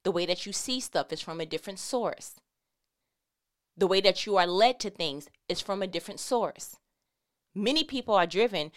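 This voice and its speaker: A woman's voice: mid-range voice, smooth. A woman giving a casual, conversational Christian talk with emphatic, repetitive phrasing. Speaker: Christian speaker.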